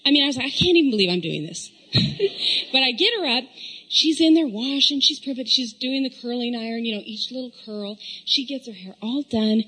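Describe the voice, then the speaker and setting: A middle-aged woman who tells a humorous personal story to a room of mothers. Her voice sits high and bright, and her delivery is animated and chatty, with frequent "you know"s. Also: fairly quick, husky, big-room sound, soft background music, poor audio. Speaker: speaker addressing mothers.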